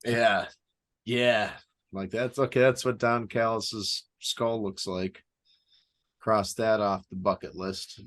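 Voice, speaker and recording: A young man from the Chicago area co-hosting a wrestling podcast, chatting casually with deadpan, rambling jokes. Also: on the low side, slow pace. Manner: joking, rambling, deadpan irony. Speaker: podcast co-host. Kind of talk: casual chat.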